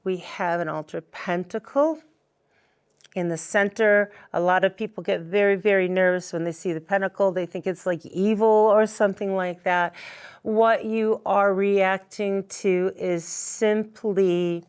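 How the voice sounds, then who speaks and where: A woman's voice: mid-range voice, fairly even intonation, unhurried, a little mellow, clear, resonant tone. A middle-aged woman hosting a community TV talk show, explaining things patiently and with firm emphasis in places. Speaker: host.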